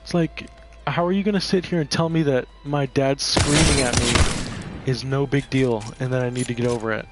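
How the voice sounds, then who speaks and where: A man's voice: mid-range voice, steady tone, a little fast, loud music behind the voice. A man telling a personal story while gaming, rambling and profane, with lots of "like" fillers.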